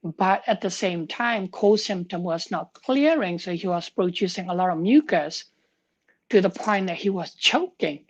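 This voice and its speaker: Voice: mid-range voice, unhurried, muffled recording. A woman pharmacist talking on a live stream, telling a story in an earnest, heartfelt way and sounding tired.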